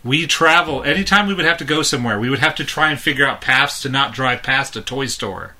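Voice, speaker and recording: A man's voice: mid-range voice, a little fast, pushed and bright. A man in his thirties, a podcast co-host, telling a long rambling story in casual chat and chuckling often.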